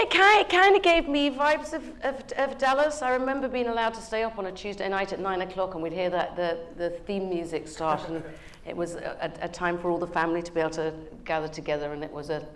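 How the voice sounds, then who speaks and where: An actress from England and Ireland, speaking with a British accent, joins a live TV interview remotely through an earpiece link. Her lowish voice is quick and fairly even, and she hesitates with many ums while hearing audio feedback.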